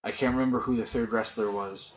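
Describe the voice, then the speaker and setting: A man co-hosting a casual podcast, telling stories with lots of swearing and animated retelling. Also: on the low side, fast. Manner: profane, animated storyteller. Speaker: podcast co-host. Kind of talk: casual chat. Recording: dull lo-fi podcast audio.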